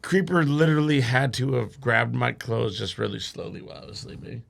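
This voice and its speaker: Gravelly man telling a rowdy story. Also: mid-range voice, a little fast. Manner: profane, animated, laughs mid-story. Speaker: podcast guest. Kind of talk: comic storytelling.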